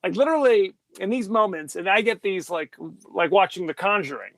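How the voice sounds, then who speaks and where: A man co-hosting a casual film podcast, his voice pitched high with a gravelly edge. He retells scenes with animated, building excitement. The sound is dry and close, with no room around it. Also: brisk, no echo. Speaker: podcast co-host.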